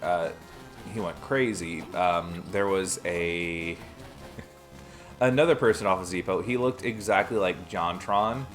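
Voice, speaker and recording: Young male streamer, lower voice, rambling and laughing through chat. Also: slow pace, soft background music. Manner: rambling anecdotes, frequent laughter. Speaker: game streamer. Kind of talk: casual chat while streaming a game.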